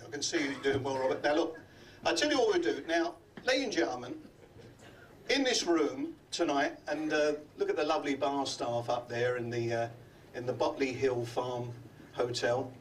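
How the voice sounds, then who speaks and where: Older comic magician working a crowd. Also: male voice, mid-range voice, far from the mic, a little hiss or hum. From London. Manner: chatty, teasing the audience with quick gags. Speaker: comedy magician. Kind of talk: live club comedy act. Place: function room of a hotel.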